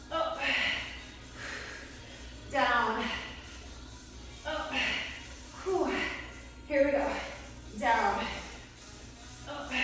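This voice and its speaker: A woman's voice: high-pitched, fairly bright tone. A woman fitness instructor calling short, encouraging exercise cues and counting down reps, out of breath as she works out along with the class. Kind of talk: workout class cueing. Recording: very echoey room, voice from far off. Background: faint music.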